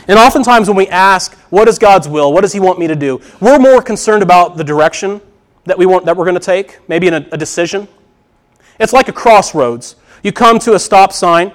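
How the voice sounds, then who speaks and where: A man preaching a sermon in an earnest way, often asking a question and then answering it himself. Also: high voice. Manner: earnest, repeats key phrases, asks and answers questions. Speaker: pastor.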